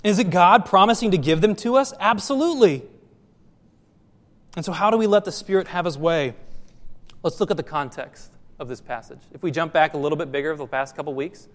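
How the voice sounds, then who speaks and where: A man's voice: on the high side, a little fast. Man preaching in a reverberant church. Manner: questioning, repetitive emphatic preaching. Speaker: pastor. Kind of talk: sermon.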